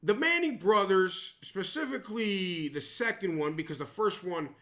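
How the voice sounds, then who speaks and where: A man's voice: sits high, animated, normal speed, sharp tone. A man giving casual, opinionated sports commentary, rambling with frequent restarts and asides. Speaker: sports vlogger.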